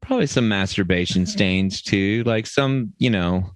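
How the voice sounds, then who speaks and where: A man's voice: lowish voice, unhurried, dry recording. A man co-hosting a comedic podcast, talking in a profane, rambling, sardonic way. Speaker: podcast co-host.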